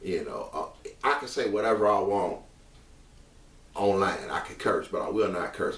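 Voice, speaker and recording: A man delivering an impassioned monologue straight to camera, emphatic and repetitive, rising to raised outbursts and settling into earnest quieter stretches. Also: lowish voice, distant mic. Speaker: online commentator. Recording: echoey room, mic set back.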